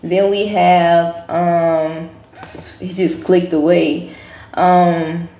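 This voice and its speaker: A woman's voice: fairly low pitch, flat delivery, very slow, dark tone, reverberant. A woman vlogging casually to camera, chatting and thinking aloud as she goes through a list. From United States. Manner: chatty, thinking aloud while reading results.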